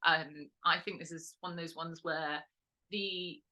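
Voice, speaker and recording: A woman leads a casual workshop in a low, bright and forceful voice. She talks in a loose, rambling way, correcting herself and filling pauses with "um". She sounds like a host chatting her way through her teaching points. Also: fairly even intonation. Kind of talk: casual instructional talk.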